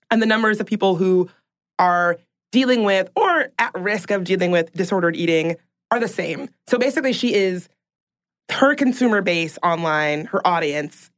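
A woman co-hosting a podcast in casual chat, reading out facts and growing emphatic and indignant. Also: lowish voice. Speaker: podcast co-host.

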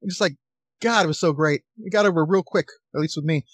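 A man co-hosting a podcast, joking and laughing through quick banter about old wrestling. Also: on the high side, no echo, clean studio sound. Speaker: podcast co-host. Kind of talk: casual chat recapping old wrestling.

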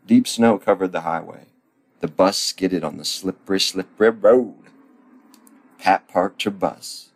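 A man reading a children's storybook aloud as a parody, deadpan and full of crude ad-libs. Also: sits low, unhurried, creaky. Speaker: comic reader.

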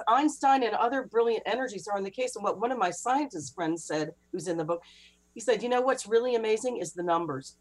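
A middle-aged woman author, a guest on an interview, telling a personal story in a lively rush with laughing asides. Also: medium pitch, low-quality recording. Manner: breathless, laughing retelling with quick asides. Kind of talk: animated anecdotal storytelling.

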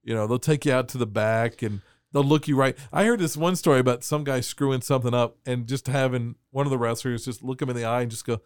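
A man telling a story on a podcast in a casual, animated way, laughing and acting out the voices of people in his anecdotes. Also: mid-range voice, quick pace, clean tone, dry recording, studio quality. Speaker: wrestling referee telling a story.

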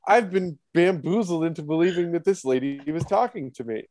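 A man's voice: sits high, fairly quick, darkish tone, a little hiss or hum. A man, a guest on a podcast, telling a self-mocking story in casual chat. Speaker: podcast guest, head of production.

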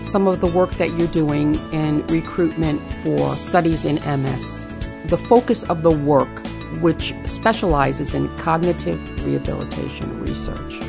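Creaky low-voiced woman interviewer. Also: a little slow, over music. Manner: long, rambling questions. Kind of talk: podcast interview questions.

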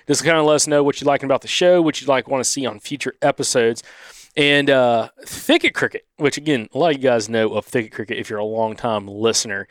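A man's voice: medium pitch, steady tone, fast, dry recording. A Southern man from Alabama co-hosting a casual podcast, laughing often and stumbling over his words. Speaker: podcast co-host.

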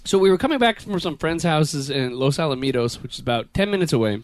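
A man telling stories in casual chat, laughing and acting out voices and yells. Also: a little high, fast talker. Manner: animated storyteller, laughing, acts out voices and yells.

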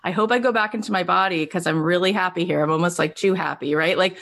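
A woman's voice: lowish voice, fast talker, creaky, fairly bright tone. A woman hosting a podcast, chatting in an affirming, enthusiastic way. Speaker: podcast host. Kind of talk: casual chat.

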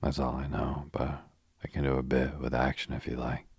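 Give me a man doing a breezy understated gentleman, husky and dry. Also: rumbling low, flat delivery, normal speed, no echo, exaggerated voice. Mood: wry. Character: wry, adventurous young gentleman tour guide.

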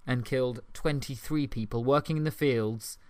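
A man co-hosting a casual podcast, chatty and quick to laugh, with the odd swear word. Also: mid-range voice, darkish tone. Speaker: podcast co-host. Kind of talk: casual chat.

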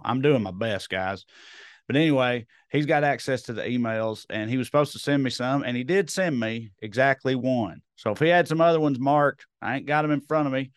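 A solo podcast host with a mid-range, clean-toned voice rambles casually into his mic, cracking jokes and running himself down. The recording is dry and studio-grade.

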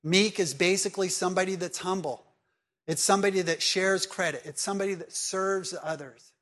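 A man preaching a sermon in a conversational way, asking his listeners direct questions and moving between emphatic and hushed delivery. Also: high-pitched, steady tone, a little fast. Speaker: pastor.

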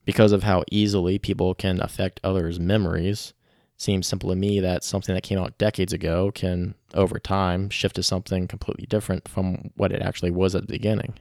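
Male narrator, low voice, talks straight to listeners. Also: fairly quick, no echo, studio quality. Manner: steady, explanatory, addresses listeners directly. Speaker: presenter of a survey report. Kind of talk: scripted narration.

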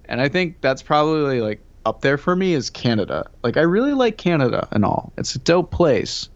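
A man's voice: a little high, very animated, moderate pace, no room sound, highs cut off. A man co-hosting a podcast, rambling and joking in casual chat. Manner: rambling, joking, lots of "like" fillers. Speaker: podcast co-host.

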